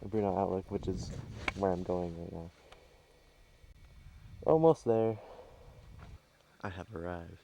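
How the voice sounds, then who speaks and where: A man's voice: deep voice, steady tone, takes it slowly, creaky, pauses often, mellow, rough recording. A man casually narrating a travel vlog outdoors into a handheld camera, rambling and hesitant with lots of fillers. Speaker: travel vlogger. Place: outdoors on a trail and a scenic overlook. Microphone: handheld camera mic.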